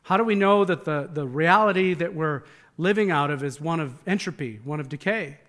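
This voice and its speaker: A man's voice: a little high, brisk, fairly bright tone. A man preaching a conversational sermon as pastor, earnest and emphatic, often repeating words as he builds his points.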